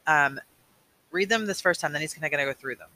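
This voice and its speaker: A man's voice: on the high side, fast talker, bright, forceful tone, poor audio. A man reading a novel aloud chapter by chapter, adding casual asides.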